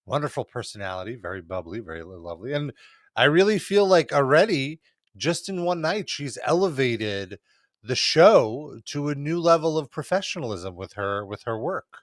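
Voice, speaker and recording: A man's voice: medium pitch, very animated, normal speed, no room sound. A man talks as a guest columnist in a casual wrestling recap, enthusiastic and chatty. He rambles through his points, and his voice sounds dry and close.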